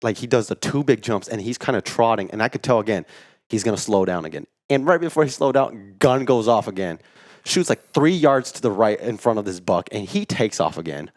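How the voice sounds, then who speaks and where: A man co-hosting a podcast, telling a story in casual chat, animated and full of "like", acting out what people said. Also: on the low side, a little fast, dry recording, studio quality. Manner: animated storyteller, acts out quotes, says "like" a lot. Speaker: podcast co-host.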